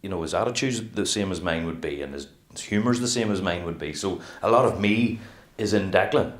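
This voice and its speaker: A middle-aged male actor chats about his craft in a casual interview. His voice is low, and he rambles with animation, slipping into little acted-out quotes. The room around him is echoey. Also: expressive, a little fast.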